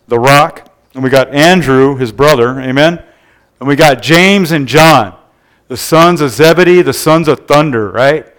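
A man preaching a sermon to a congregation in a relaxed, conversational way, often checking in with the room. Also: medium pitch, clear, resonant tone. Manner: conversational, keeps asking the room "Amen?". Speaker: pastor. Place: church service before a congregation.

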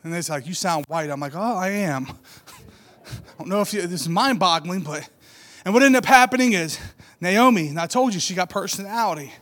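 High-voiced man preaching with fervor. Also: normal speed. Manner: animated storytelling, rising to loud emphatic peaks. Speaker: church speaker. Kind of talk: sermon testimony.

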